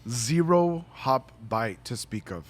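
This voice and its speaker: A man hosting a beer-tasting podcast, talking in a laid-back, measured way with many pauses. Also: medium pitch, lively intonation. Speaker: podcast host. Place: brewery taproom.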